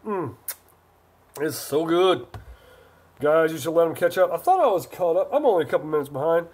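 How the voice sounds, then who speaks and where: High-voiced man chatting on a livestream. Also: lively intonation, moderate pace, a little mellow, husky. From Northern California. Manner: rambling, reads viewer chat aloud. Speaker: livestream host. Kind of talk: casual live chat answering viewers.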